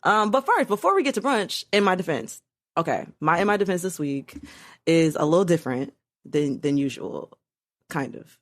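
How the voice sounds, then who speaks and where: Mulher falante que ri muito. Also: female voice, fairly low pitch, normal speed. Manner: laughs often, chatty and animated. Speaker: podcast co-host. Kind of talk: casual chat.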